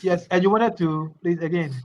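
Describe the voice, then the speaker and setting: A man's voice: sits high, normal speed. Hesitant man on a dull online call. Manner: hesitant, many uh fillers, chuckles while answering. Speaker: exam official answering questions. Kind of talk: webinar Q&A answers.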